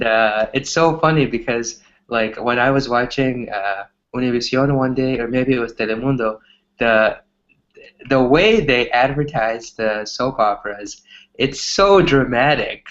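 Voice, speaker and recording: A man tutoring English in a relaxed, chatty conversation, explaining with lots of examples. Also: mid-range voice, measured pace, dull audio. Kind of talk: casual conversation lesson.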